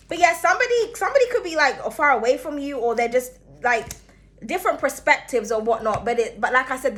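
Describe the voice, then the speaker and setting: A woman's voice: high voice, pushed and bright. A woman giving a casual tarot reading, chatty and rambling, swearing freely and humming as she thinks. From outside the United States. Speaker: tarot reader.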